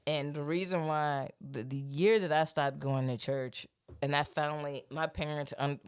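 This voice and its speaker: Woman, podcast host, casual storytelling, profane, animated, frequent laughter. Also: low-pitched, moderate pace, smooth.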